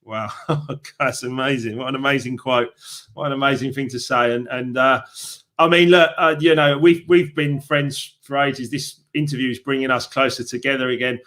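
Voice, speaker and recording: A man's voice: mid-range voice, fairly even intonation, normal speed, a bit bright. A middle-aged man hosting an interview, openly emotional and encouraging, calling his guest "mate". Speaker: host. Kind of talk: casual interview chat.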